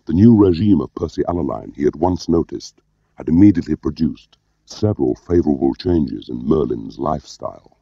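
A man narrating an audiobook in a measured, understated way. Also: rumbling low, expressive, creaky, dry recording. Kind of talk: scripted narration. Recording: dull lo-fi audio.

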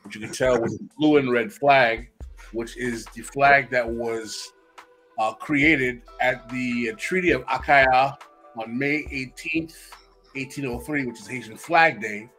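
A man appearing as a podcast guest over a video call, explaining at length in a measured, lecturing way. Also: medium pitch, pushed and bright, faint music behind, low-quality recording. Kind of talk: explanatory discussion.

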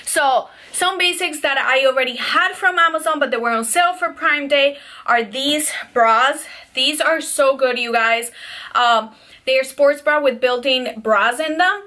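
This haul chat features a young lifestyle and beauty vlogger whose high voice comes out a little slow, bright and forceful. Slightly out of breath, she chats and gushes about her purchases, addressing her audience as "you guys."

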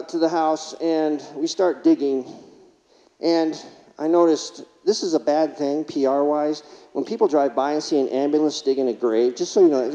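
A man's voice: on the high side, dark tone. A middle-aged man, a former paramedic, giving a keynote speech, telling stories and putting questions to the audience. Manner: storytelling, asks the audience questions. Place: large conference hall. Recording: reverberant hall, dull lo-fi sound.

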